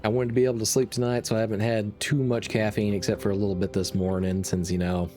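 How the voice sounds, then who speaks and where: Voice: low-pitched, little pitch movement, fast, darkish tone, soft background music. A streamer chatting casually and wryly while playing a video game, a little sleepy. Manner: drowsy and chatty, with a wry edge. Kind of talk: casual gameplay commentary.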